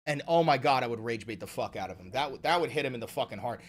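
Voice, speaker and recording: A man hosting a casual livestream, ranting fast and swearing often while he reads the chat. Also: medium pitch. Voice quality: profane, rapid ranting. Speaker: livestream host.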